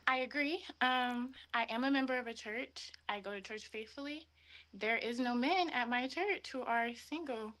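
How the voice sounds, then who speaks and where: A woman's voice: on the high side, moderate pace, fairly bright tone. A woman in her twenties, a guest on an online show, speaking casually with many fillers. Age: 20s. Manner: casual, filler-heavy, with a lot of like. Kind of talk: casual chat.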